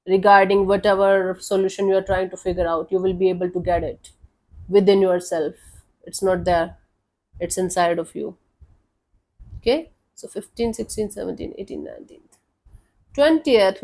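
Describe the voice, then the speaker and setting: A woman giving a casual weekly tarot reading, talking directly to the viewer in a reassuring, conversational way with frequent fillers. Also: mid-range voice. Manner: warm, reassuring, addresses viewer as honey. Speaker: tarot reader.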